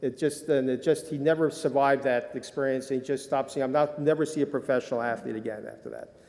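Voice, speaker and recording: An older man speaks at a conference with a mellow, dark tone, wandering through his stories with many ums and uhs. His voice carries a long reverb from the lecture hall around him, and he sounds amused at his own expense. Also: mid-range voice, fairly even intonation, fast talker. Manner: rambling, self-deprecating, many fillers. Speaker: conference speaker, sports medicine doctor. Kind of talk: conference talk with anecdotes.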